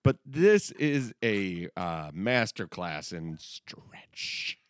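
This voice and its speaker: A man's voice: deep voice, sing-song, drawn-out words, no room sound, clean studio sound. A man co-hosting a podcast, riffing and laughing through a casual film review. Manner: jokey, laughs often, stammers. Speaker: podcast co-host.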